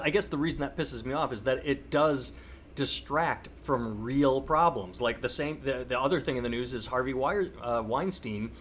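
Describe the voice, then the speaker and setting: A man's voice: mid-range voice, fairly bright tone, a little hiss or hum. A man hosting a casual podcast chat, talking animatedly and acting out outraged voices. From United States. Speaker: podcast host.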